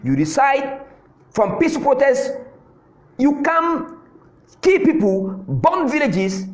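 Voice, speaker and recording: A man's voice: extremely high pitch, big pitch swings, slow, echoey room. A man from Southern Cameroon with a Cameroonian Pidgin English accent, giving a fiery political address and hammering his points home with repetition. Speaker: political commentator.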